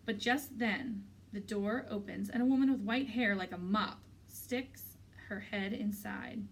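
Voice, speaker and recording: A woman teacher reading a children's novel aloud in a steady, clear storytelling way. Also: mid-range voice, a little slow, far from the mic, a little hiss or hum, rough recording.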